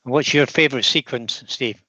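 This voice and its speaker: A man's voice: medium pitch, normal speed, bright, forceful tone, no room sound, lo-fi sound. A man co-hosting a live stream, joking and reading out viewer comments. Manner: jokey, reads out viewer comments. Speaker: co-host reading chat. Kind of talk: casual live-stream banter.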